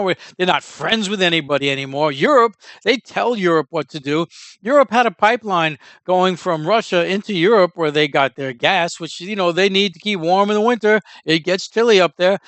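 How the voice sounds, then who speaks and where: A man's voice: high-pitched, fairly bright tone, no echo. A man giving a casual, rambling opinion monologue as a commentator, blunt and prone to digressions.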